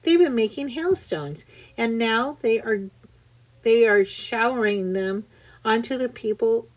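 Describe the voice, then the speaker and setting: Woman doing an excitable young boy. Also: fairly high pitch, a little slow. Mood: excited. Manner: urgent, hushed. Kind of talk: storybook reading.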